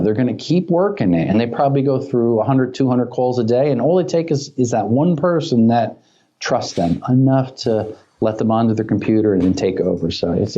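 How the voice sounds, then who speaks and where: A man's voice: mid-range voice, highs cut off. A man talking as a cybersecurity expert guest on a podcast, telling stories and acting out quoted dialogue. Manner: animated storyteller who acts out quoted dialogue. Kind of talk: conversational podcast interview.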